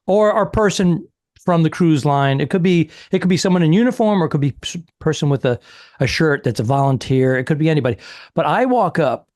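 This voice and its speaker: A man co-hosting a comedy podcast, chiming in with quick, incredulous remarks in casual banter. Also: a little high, a little mellow, dry recording, clean studio sound. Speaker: podcast co-host.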